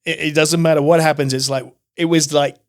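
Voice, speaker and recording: A middle-aged man telling his life story as a podcast guest, emphatic and animated, acting out his own past outbursts. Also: on the high side, brisk. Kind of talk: testimony in casual interview.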